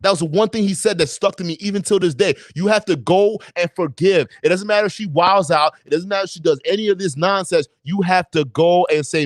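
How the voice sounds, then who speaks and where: A young adult man on a livestream chat, telling personal stories in a lively, profane way and acting out the voices of people he quotes. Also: high voice, fast talker, few pauses, no room sound. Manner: animated storytelling, acts out quoted voices, profane. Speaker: podcast co-host.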